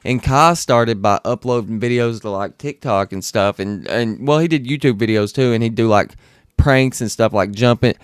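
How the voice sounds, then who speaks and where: Young guy streamer, loose and profane, smooth voice, dry close sound. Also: mid-range voice, moderate pace, dry recording. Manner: rambling and profane, many restarts. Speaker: streamer reacting to clips. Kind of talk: casual reaction stream.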